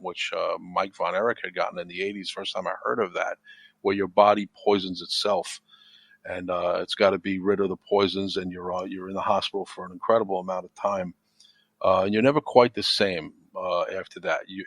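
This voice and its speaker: Low-voiced man telling a heartfelt story. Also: dry recording. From United States. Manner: rambling, repeats words when emotional, animated when telling stories. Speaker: podcast guest. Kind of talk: casual chat.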